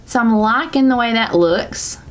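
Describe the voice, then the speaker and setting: A woman's voice: on the high side, normal speed. A woman with a Southern US accent, chatting and rambling through a casual makeup tutorial as a beauty vlogger. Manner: chatty, rambling, self-correcting with laughs.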